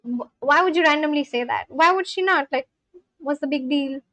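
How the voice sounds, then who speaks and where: This young female livestreamer has a high-pitched, slightly bright voice at a normal speed, captured in a dry recording. She talks back to her chat casually and with plenty of fillers, scolding and reassuring viewers by turns.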